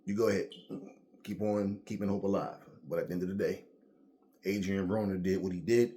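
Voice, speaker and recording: A man talking casually to camera about boxing, telling stories in a profane, animated way with lots of slang. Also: low-pitched, brisk. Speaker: boxing commentator.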